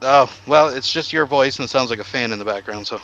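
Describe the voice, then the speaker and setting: A man's voice: medium pitch, fast talker, a bit bright, slight background noise. A man from Canada hosting a livestream in casual, rambling commentary, swearing freely and restarting his sentences. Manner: rambling, profane, lots of restarts. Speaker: livestream host. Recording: dull lo-fi stream audio.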